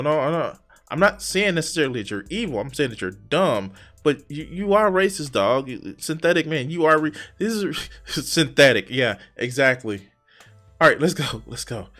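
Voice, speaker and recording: A man's voice: a little high, fairly bright tone. A man hosting a reaction commentary, exasperated and profane, who stammers and restarts his sentences. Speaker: reaction video host.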